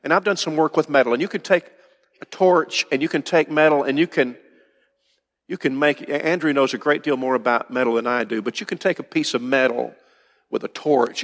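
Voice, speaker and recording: A man's voice: mid-range voice, fairly bright tone. Older guy preaching in church, chatty then punchy questions, echo trailing off in the hall. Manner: conversational, rising to emphatic questions. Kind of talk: sermon. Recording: roomy hall reverb.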